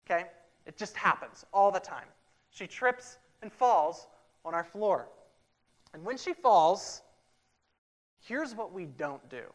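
A man's voice: high-pitched, very animated, a little slow, long pauses. Male pastor, emphatic sermon delivery, repeats his points. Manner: emphatic, repeats key phrases, swings from loud to hushed.

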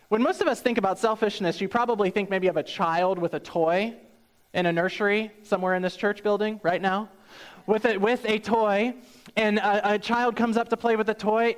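A young male pastor delivers a sermon in a church. He speaks earnestly and emphatically, often repeating key phrases for weight. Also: sits high.

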